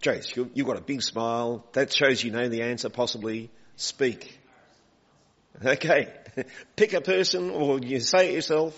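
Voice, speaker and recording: A man's voice: mid-range voice, unhurried, a bit bright. A man preaching a conversational sermon in a church, asking the congregation questions and calling for volunteers. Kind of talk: interactive sermon. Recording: dull recording with long hall reverb.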